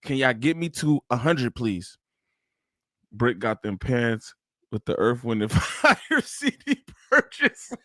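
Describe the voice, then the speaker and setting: Hosting a live-stream reaction, a man talks loosely and profanely into a close streaming mic, breaking into bursts of laughter. His mid-range voice is sing-song, slow, bright, and forceful, with no room sound.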